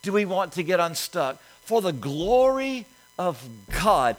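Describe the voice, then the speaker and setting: High, bright-voiced pastor preaching. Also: male voice, sing-song, slow pace, rough recording. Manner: emphatic preaching with sharp swings in loudness. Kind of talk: sermon.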